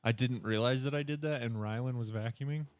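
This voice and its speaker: A man's voice: medium pitch, a little fast, no room sound. A man chatting on a casual podcast, telling profane anecdotes with plenty of laughter.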